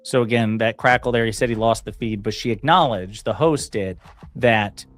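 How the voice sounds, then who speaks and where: A man's voice: medium pitch, normal speed, a bit bright, soft background music. A man co-hosting a stream, setting up clips with dry, cutting commentary. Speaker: co-host introducing clips. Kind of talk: casual political commentary.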